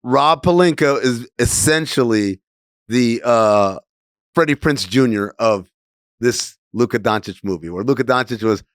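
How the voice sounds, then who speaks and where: A man hosting a casual sports podcast, animated and jokey, slipping into playful voices. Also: medium pitch, measured pace, no echo, clean studio sound. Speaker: podcast host.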